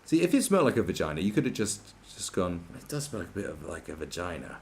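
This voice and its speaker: A man's voice: low-pitched, big pitch swings, fast, darkish tone, slight background noise. A man on a podcast, ranting crudely and sarcastically with many restarts and mocking asides. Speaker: podcast host. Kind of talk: crude comedic rant.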